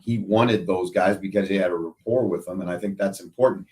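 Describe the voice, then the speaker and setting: A male show host telling lively stories in casual chat, often tagging lines with "right?". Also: low voice, a little fast, distant mic. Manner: animated storyteller, frequent "right?". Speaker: show host, football analyst.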